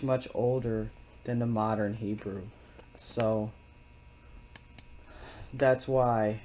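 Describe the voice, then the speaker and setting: A man's voice: mid-range voice, mellow. Earnest man reading scripture at home. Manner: earnest, rambling, repeats words while explaining. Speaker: scripture reader and channel host. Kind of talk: casual commentary and scripture reading. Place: living room with wooden walls.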